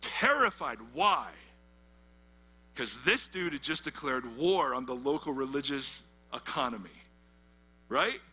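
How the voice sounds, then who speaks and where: A man's voice: medium pitch, animated, a little slow, pauses often, sharp tone, breathy edge. A middle-aged man, a pastor, preaching a conversational sermon and quizzing his listeners with fill-in questions. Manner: asks the audience fill-in questions, conversational and emphatic. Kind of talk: sermon, teaching through a Bible passage.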